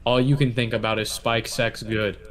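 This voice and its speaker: A man's voice: medium pitch, fairly even intonation, moderate pace. A man running a tabletop game as dungeon master for his friends, talking bluntly and swearing freely.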